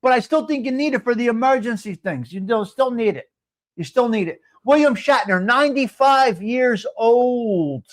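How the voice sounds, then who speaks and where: Brief: New man in his late fifties, high-pitched for a man, loud profane live-stream host who rants and addresses his viewers directly. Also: animated, moderate pace. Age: 50s. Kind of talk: casual chat to live chat viewers.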